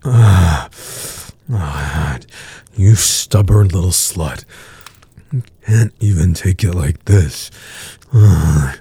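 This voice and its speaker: A man voicing a dominant, teasing adult man in an audio role-play, murmuring low taunts with breathy grunts. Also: animated, drawn-out words, long pauses, mellow, full character voice. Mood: taunting.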